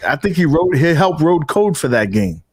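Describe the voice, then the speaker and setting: Dude hosting a gaming podcast, kinda higher voice, relaxed slangy talk. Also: male voice, normal speed, husky. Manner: loose, slangy, lots of fillers. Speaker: podcast host. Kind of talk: casual podcast chat.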